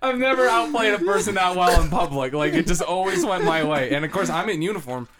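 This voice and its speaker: A man co-hosting a podcast, telling a story in a casual, animated way, laughing often and acting out what people said. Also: sits high, a little fast, over a noisy crowd. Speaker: podcast co-host.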